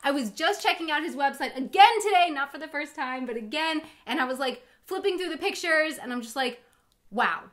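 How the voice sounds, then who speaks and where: Very high-voiced giggly woman host. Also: lively intonation, brisk, few pauses, fairly bright tone. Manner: giggly, chatty, filler-heavy. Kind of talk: casual interview chat.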